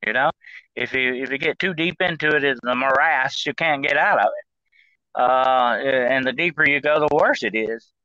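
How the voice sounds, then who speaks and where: A man's voice: medium pitch, bright, forceful tone, dry recording, dull audio. A man talking as a guest on a call-in style show, rambling, with many fillers and restarts. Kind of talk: casual talk-show discussion.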